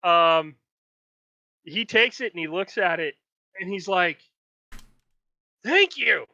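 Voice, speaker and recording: A man's voice: high voice, unhurried, pushed and bright, dry recording, highs cut off. A man running a tabletop game as game master, narrating loosely with many restarts. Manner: rambling, restarts, acts out figures.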